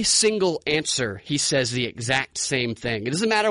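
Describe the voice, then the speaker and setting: A man's voice: medium pitch, sing-song, moderate pace, hardly any pauses, background noise. A man hosting a podcast, talking in a casual, wry way. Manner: wry, does mocking impressions. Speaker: podcast host. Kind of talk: casual political chat.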